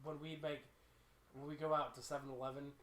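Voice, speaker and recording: A man's voice: a little high, level tone, fairly quick. A man, a podcast co-host, joking and blurting out lines in casual group chat. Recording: roomy echo, crowd noise.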